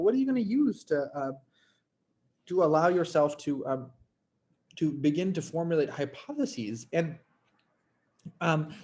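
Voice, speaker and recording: A man hosting a clinical case conference on a video call, talking in a chatty, lively way and thinking aloud with fillers. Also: on the high side, slightly rough. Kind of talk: casual, talkative teaching.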